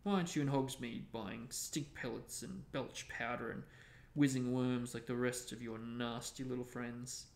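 A man's voice: mid-range voice, fairly even intonation, drawn-out words, hardly any pauses, darkish tone. A man reading a book aloud, voicing a suspicious, nasty old male caretaker who snarls and sneers. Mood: snarling. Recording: roomy echo.

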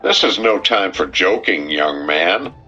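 A man's voice: deep voice, lively intonation, measured pace, sharp tone, full character voice. A male narrator voicing a shaken sheriff who stammers and breaks off as he speaks. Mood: stern. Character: shaken middle-aged sheriff, distraught and faltering. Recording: dull, muffled recording with faint music.

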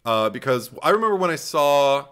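A man co-hosting a casual podcast chat, an animated storyteller who laughs often. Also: on the high side, fairly quick, clean tone. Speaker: podcast co-host.

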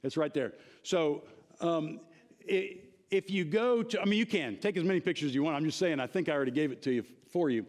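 A man's voice: fairly high pitch, animated, a little fast. Emphatic man teaching a church Bible class. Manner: conversational, emphatic, asks the class questions.

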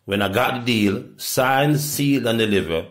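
A middle-aged Jamaican man in a rambling, profane monologue that swings from loud outbursts to low mutters. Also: normal speed. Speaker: reggae artist.

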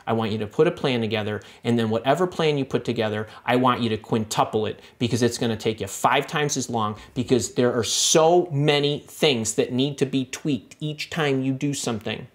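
This middle-aged man runs a live stream on career coaching, responding to viewers' comments emphatically and with lots of energy. His pitch is medium, and his speech is full of repeated words and false starts.

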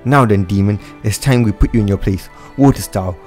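A man's voice: lowish voice, a little fast, a little mellow, faint music behind, natural voice. Mito, a man doing a bratty, mocking girl. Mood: gloating. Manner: mocking, laughing. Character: spoiled bratty teen girl, gloating and cruel.

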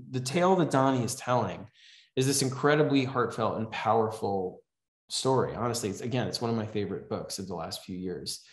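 A man teaching a writing class in a casual, conversational way, often checking in with "right?". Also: on the low side. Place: class in a house. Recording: echoey room.

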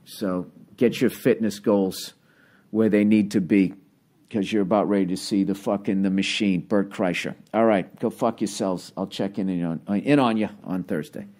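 A man's voice: on the low side, steady tone, normal speed, darkish tone. A man signing off a podcast segment with casual, mocking, profane banter. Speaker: podcast host.

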